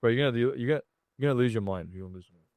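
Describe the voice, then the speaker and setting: A man's voice: medium pitch, racing, darkish tone, dry recording. Male podcast guest, casual storyteller, slangy, dry close sound. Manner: casual, slangy, acts out other people's lines. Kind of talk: animated storytelling.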